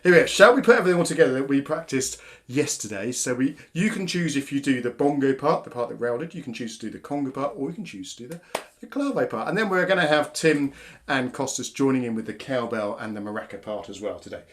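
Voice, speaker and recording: Counting rhythms out loud with cheerful chatter, a man runs a live webcam drumming workshop from his home as its host and facilitator. He speaks fast and expressively in a mid-range, slightly bright voice, and drums can be heard in the background.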